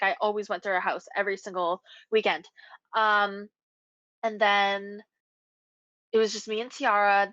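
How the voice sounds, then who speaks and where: A young adult woman, a podcast co-host, telling a story in casual chat with animated, swearing delivery. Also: mid-range voice, dry recording. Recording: dull lo-fi recording.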